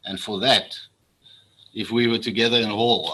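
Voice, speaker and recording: A man's voice: on the low side, fairly even intonation, normal speed, sharp tone, breathy edge, poor audio. A man gives a formal speech to an assembly as a public official. He speaks earnestly and often repeats words when he feels strongly. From South Africa.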